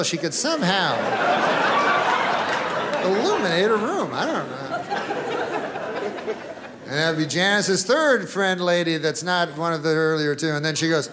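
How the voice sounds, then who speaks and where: A man's voice: high voice, background noise. A man doing a stand-up comedy routine on a stage mic, rambling and offhand, swearing casually and chuckling as he goes.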